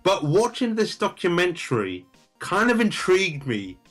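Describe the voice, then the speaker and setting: A man's voice: high voice, wildly swooping pitch, moderate pace, fairly bright tone, faint music behind. A British man with a British accent, a guest chatting casually in an easygoing, agreeable way. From Britain. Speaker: co-host guest. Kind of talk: casual chat.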